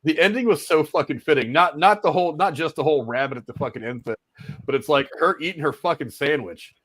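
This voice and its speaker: A man's voice: on the high side, fast, fairly bright tone, no echo, low-quality recording. A man hosting a casual movie review podcast, swearing freely as he reads out film trivia.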